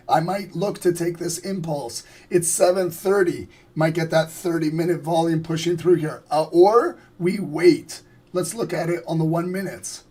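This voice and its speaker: Raspy man calling live trades. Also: on the high side, darkish tone. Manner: casual, joking, thinks aloud. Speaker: trading stream host. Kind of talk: live trading commentary.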